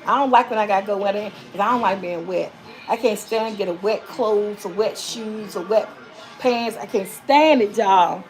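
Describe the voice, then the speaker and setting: Soft music plays behind a woman speaking in a mid-range voice at normal speed. She's a vlog host chatting loosely on a live stream, reading viewer comments, repeating herself, rambling and calling them y'all.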